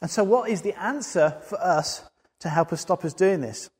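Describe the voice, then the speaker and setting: A man's voice: sits high, normal speed, breathy edge. Man preaching in a reverberant hall. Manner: earnest, builds to emphatic peaks. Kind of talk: sermon.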